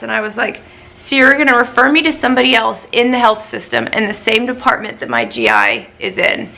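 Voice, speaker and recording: A woman's voice: fairly high pitch, animated, fairly quick, gravelly, bright, forceful tone, low-quality recording. A woman vlogger chatting casually, venting her frustration over a doctor's appointment after a week of crying. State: upset, recently crying. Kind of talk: casual chat.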